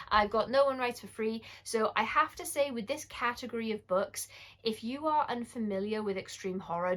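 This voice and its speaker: A British woman in her forties hosts a casual horror book-review vlog, her voice a little high and fairly bright. She's chatty and candid, rambling with quick self-corrections and asides.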